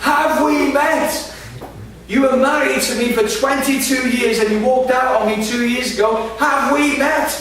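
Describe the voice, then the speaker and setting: A preacher voicing a furious middle-aged woman who shouts accusations at a stranger, in an echoey hall from a distant mic. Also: extremely high pitch, steady tone, unhurried, a little hiss or hum, pitched above the performer's own voice.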